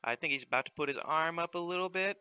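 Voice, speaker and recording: A man giving relaxed, chatty commentary while playing through a video game. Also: a little high, quick pace, clear, resonant tone. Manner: relaxed, chatty, explaining as he plays. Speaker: let's play gamer. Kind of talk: casual gameplay commentary.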